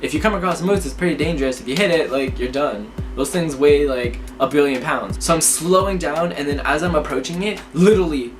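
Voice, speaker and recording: A young man telling spooky personal stories to camera in a lively, chatty way. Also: a little high, fairly quick, few pauses. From Canada. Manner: lively, chatty, acts out his reactions, laughs often. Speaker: vlogger. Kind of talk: casual storytelling to camera. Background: background music.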